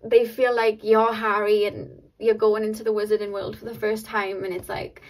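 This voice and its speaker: A woman giving a casual pick-a-card tarot reading to her viewers, excitable and laughing often between many filler words. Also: medium pitch, normal speed, rough recording.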